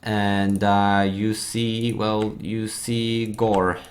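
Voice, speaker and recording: A man narrating as dungeon master for a tabletop game, halting and full of fillers. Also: lowish voice, flat delivery, background noise.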